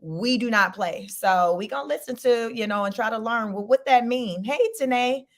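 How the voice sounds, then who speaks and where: A woman hosts a live stream into a desk mic. Her voice sits a little high, and she talks in an animated, chatty way, laughing between lines. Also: normal speed. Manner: chatty, animated, laughs often, says "child" and "y'all". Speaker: host. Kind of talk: casual live-stream commentary.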